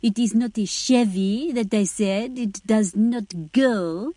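A woman's voice: fairly high pitch, takes it slowly, warm tone, no echo. A woman voicing a vain, snobbish French aristocrat lady with a put-on French accent, in a comedy musical parody. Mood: condescending. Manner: sing-song, mocking, condescending.

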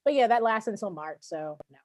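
A woman hosting a casual podcast chat, animated and giggly, often trailing into fillers. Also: mid-range voice, fairly quick, no room sound. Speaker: podcast host.

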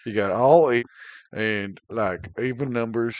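A man playing an easygoing, slow-witted co-host with a Louisiana accent and a laid-back, rambling drawl. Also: medium pitch, dry recording, close to an everyday voice.

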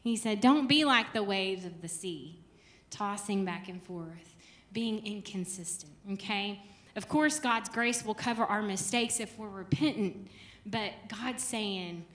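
A woman's voice: mid-range voice, a little slow, a bit bright. A young woman, teaching a Bible study in a casual, chatty way with laughing asides.

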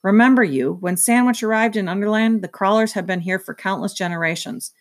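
A woman voicing a wise, stern old man in a read-aloud, speaking in measured, formal phrases. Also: mid-range voice, dry recording, clean studio sound, lightly acted.

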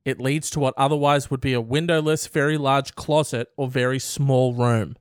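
A man's voice: medium pitch, fairly even intonation, normal speed, smooth, dry recording, studio quality. A young man co-hosting a casual podcast, joking sarcastically and reading a listener's letter aloud. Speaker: podcast co-host.

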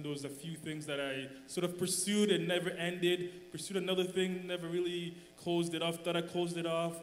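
A man on a church panel telling his story candidly, recorded in a large church hall. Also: fairly high pitch. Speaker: church speaker, husband. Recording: echoey hall with faint hum.

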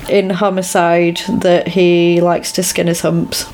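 A woman's voice: on the low side, level tone, slow, a little mellow, a little hiss or hum. Chatty woman recapping a film. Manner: chatty, laughs often, quotes film lines in character. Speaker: podcast co-host. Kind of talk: casual chat recapping a film.

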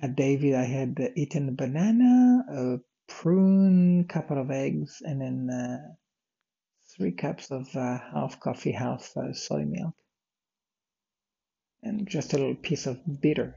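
A man rambles through a daily audio diary, tired and yawning, wandering from topic to topic with plenty of fillers and false starts. His voice is gravelly and a little husky, at a middling pitch. The recording sounds slightly muffled and lo-fi. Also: lively intonation, unhurried, dark tone. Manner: meandering, many fillers and restarts, drifts off topic. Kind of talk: rambling personal diary talk.

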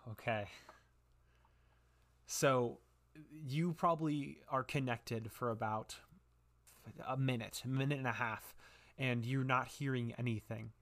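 A man running a tabletop game as game master, describing scenes in an unhurried way with pauses. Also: medium pitch, fairly even intonation, fairly bright tone.

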